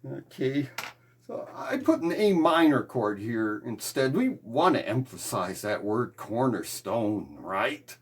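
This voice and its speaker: Guy teaching guitar chords, slow and patient, explains every step. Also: medium pitch, big pitch swings, slightly rough. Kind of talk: guitar lesson on hymn chords.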